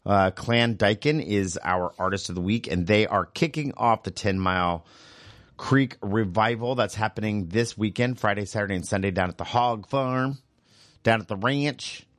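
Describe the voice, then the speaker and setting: A man hosting a morning radio show, with a rough morning voice, chatting in an upbeat, rambling way and correcting himself as he goes. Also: lowish voice, normal speed, fairly bright tone, no echo, studio quality. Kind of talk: casual radio chat with announcements. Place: radio studio. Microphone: studio microphone.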